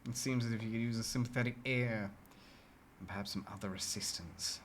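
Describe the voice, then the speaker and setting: A streamer voicing a mysterious bodiless advisor in a slow, low, hushed manner. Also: steady tone, slight background noise, lightly acted. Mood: calm, hushed.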